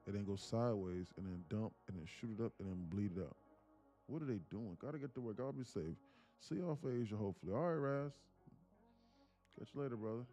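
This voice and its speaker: A man hosting a live day-trading stream, telling stories in a casual, animated way and muttering about the charts. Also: lowish voice, fast, faint music behind. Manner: animated storytelling, acts out quotes, laughs often. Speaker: livestream day trader. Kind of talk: casual livestream chat.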